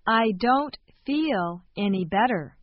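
A woman reading short phrases calmly, with careful enunciation, for a language lesson. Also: a little high, slow, dry recording. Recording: dull, lo-fi sound.

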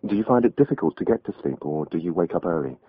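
A man voicing a calm male doctor who gives firm, plain advice. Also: sits low, quick pace, husky, dry recording. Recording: tinny lo-fi tape audio.

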